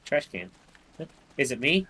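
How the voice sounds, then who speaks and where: A man's voice: medium pitch, big pitch swings, a little slow, pushed and bright, breathy edge, poor audio. A man joking dryly with his co-op partner while playing a game. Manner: wry, joking, reacts aloud to the game. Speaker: co-op gaming partner. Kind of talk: casual gaming chat.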